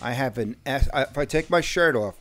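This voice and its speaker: A man's voice: mid-range voice, expressive, brisk, a bit bright. A man in his fifties telling profane, boisterous sales stories in a casual podcast chat. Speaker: podcast host.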